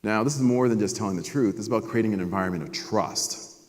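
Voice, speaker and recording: A man in his forties giving a motivational conference keynote, telling a personal story with emphatic pauses. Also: lowish voice, a little mellow. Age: 40s. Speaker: keynote speaker. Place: conference stage at a resort. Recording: long reverb of a conference hall.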